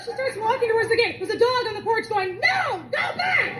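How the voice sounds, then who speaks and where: A woman's voice: extremely high pitch, fast talker, rough recording. A woman comedian performing a live stand-up set, telling stories with vocal sound effects and impressions. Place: comedy stage with a live audience. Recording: live club recording with crowd. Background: audience laughter.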